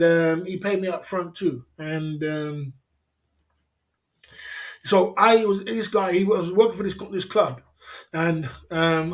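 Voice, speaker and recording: A man hosting a livestream, telling rambling stories with many repeats and laughs. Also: high-pitched. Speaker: livestream host. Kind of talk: casual storytelling.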